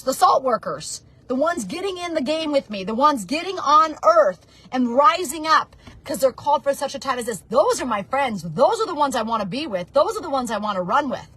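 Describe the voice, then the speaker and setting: A woman's voice: sits high, a bit bright. A woman in her forties giving a fervent, preachy motivational talk about network marketing. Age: 40s. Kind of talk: motivational monologue.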